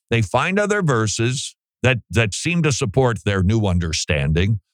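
An emphatic male preacher whose pitch swings widely as he drives his points home. The sound is dry and close, with no room echo. He often mocks opposing arguments in a mimicking voice. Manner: emphatic, mocking the views he argues against in mimicked voices. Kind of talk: sermon-style teaching.

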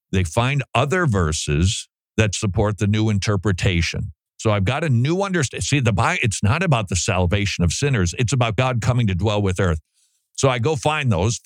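A man preaching and critiquing teaching in an animated way, now and then putting on mocking voices. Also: on the low side, no echo. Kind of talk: preaching commentary.

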